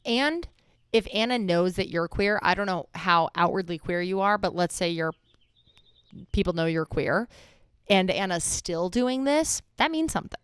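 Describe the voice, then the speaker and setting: A woman's voice: lowish voice, measured pace, clean tone, dry recording, clean studio sound. A young woman co-hosting a podcast, jokey and playful as she gives confident advice. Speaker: podcast co-host. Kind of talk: casual chat.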